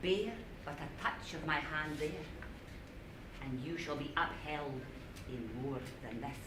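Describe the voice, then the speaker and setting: Woman doing a mocking old ghost granny, slow cackling scolds, roomy stage sound, faint noise. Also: deep voice, recorded from a distance. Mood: scolding. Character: bossy teasing ghost of an old grandmother. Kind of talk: live stage acting. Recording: echoey stage, recorded from afar, faint noise.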